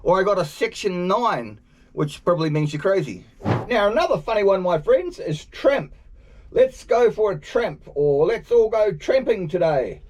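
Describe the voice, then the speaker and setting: A man's voice: sits high, big pitch swings, normal speed, darkish tone. A man with a New Zealand accent hosting a travel video, explaining slang in a jokey, playful way. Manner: jokey, playful, chuckling asides. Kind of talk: upbeat scripted explainer to camera.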